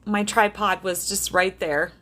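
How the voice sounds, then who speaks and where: Bright-voiced chatty woman livestreaming. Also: mid-range voice, steady tone, measured pace. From South Dakota. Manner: chatty, laughs often, talks to viewers. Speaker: livestream host, medium. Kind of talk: casual livestream chat. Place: bedroom at home. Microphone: phone or camera on a tripod.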